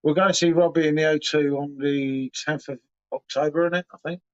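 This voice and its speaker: A man swapping laddish, sweary banter over a beer on a livestream. His voice sits a little high for a man. The audio is dull and lo-fi. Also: steady tone, fairly quick. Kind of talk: casual chat.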